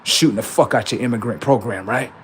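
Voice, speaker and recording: A man's voice: mid-range voice, fairly quick, a little hiss or hum. A man hosting a livestream, delivering a heated, profane and confrontational political rant that taunts his listeners. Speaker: livestream host.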